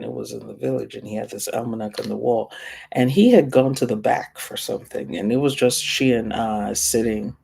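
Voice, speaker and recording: A middle-aged woman from Africa teaches a class through a personal story. Her voice is gravelly, dark and mellow, and she acts out the voices of the people she quotes. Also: extremely low pitch.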